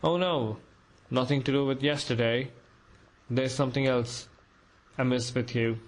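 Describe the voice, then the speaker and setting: Stern official, curt and emphatic, read by a man, even flat tone; storybook reading. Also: medium pitch, a little slow, lightly acted, poor audio.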